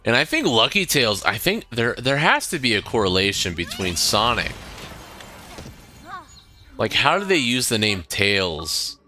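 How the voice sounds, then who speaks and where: A man giving casual, relaxed commentary while he plays a video game. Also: mid-range voice, soft background music. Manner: slow, relaxed, chatty. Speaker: gameplay host.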